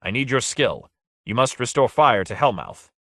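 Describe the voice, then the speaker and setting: A man reading aloud, voicing a wrathful, frantic male warlord who shouts commands. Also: mid-range voice, sing-song, normal speed, no echo, studio quality, pitched above the performer's own voice. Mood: commanding.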